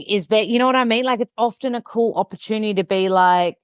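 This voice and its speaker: A woman's voice: medium pitch, quick pace, clear, resonant tone, no echo, studio quality. A woman with an Australian accent, a podcast guest talking in a chatty, casual way, full of "like". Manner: chatty, peppered with "like".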